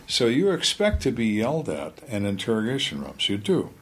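A man's voice: mid-range voice, wildly swooping pitch, moderate pace, fairly bright tone, slightly rough. An older man, a retired homicide detective, telling stories in an interview with dry emphasis and acting out the people in them. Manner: dry, emphatic storyteller who acts out suspects' lines. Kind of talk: storytelling in conversation.

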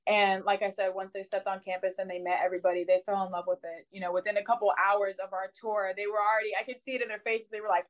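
A young woman, a college sprinter, telling her story in an interview, chatty and animated, with many "like" fillers. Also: mid-range voice, fast talker, few pauses, rough recording. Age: young adult.

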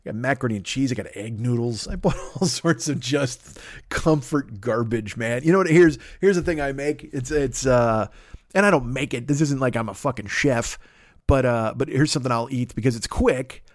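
A man's voice: medium pitch, normal speed, no room sound, clean studio sound. Rambling, profane man in his fifties. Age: 50s. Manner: rambling, crude, animated storytelling. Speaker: podcast host. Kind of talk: profane comic monologue.

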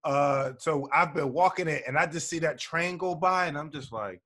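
A man's voice: fairly high pitch, moderate pace, a bit bright. A man from New York with a slightly raised voice hosts a podcast call with friends. He jokes in a loose, teasing way and riffs on the talk as it goes. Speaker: podcast host. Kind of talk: casual chat.

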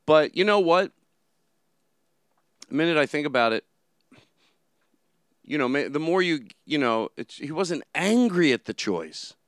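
A man's voice: fairly high pitch, sing-song, unhurried, pauses often, no room sound, clean studio sound. A man hosting a solo show, talking through his thoughts in a rambling, casual monologue full of restarts. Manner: rambling, with many restarts and fillers.

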